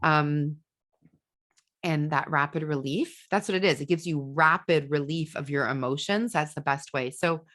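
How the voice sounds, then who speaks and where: A woman's voice: sits low, normal speed. A woman hosting a podcast, giving casual parenting advice with fillers and restarts, acting out venting voices. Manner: animated, acts out venting voices. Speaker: podcast host and ADHD parenting coach.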